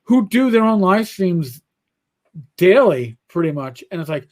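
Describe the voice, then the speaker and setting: A podcast co-host with a New York accent speaks in a high-pitched voice at a measured pace on a casual livestream. He's a profane, rambling, animated storyteller, spinning stories as he goes.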